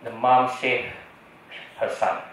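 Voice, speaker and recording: A man's voice: mid-range voice, monotone, slow, fairly bright tone, slight background noise. Malaysian man lecturing in an echoey hall. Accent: Malaysian English. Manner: chatty, checks in with the audience using "right?" and "okay?". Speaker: doctor giving a public health talk. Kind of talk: lecture to an audience. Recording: echoey hall, distant dull mic.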